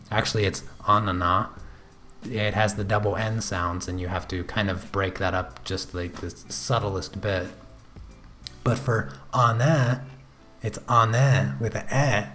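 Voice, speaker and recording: An American man hosting an art livestream, chatting casually with viewers while drawing, halting and full of fillers as he answers comments. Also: fairly low pitch, fairly bright tone. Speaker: art channel host.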